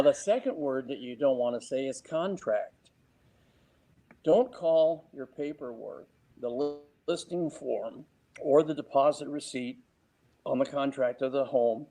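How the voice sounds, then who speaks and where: A man giving real estate sales advice in an interview, speaking lively and acting out exchanges with clients. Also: mid-range voice, low-quality recording.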